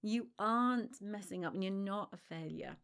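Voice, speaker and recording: A woman's voice: medium pitch, moderate pace, a bit bright, clear, resonant tone. A woman hosting a solo podcast as a dog trainer, talking emphatically and reassuringly straight to the listener. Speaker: dog separation-anxiety trainer and podcast host.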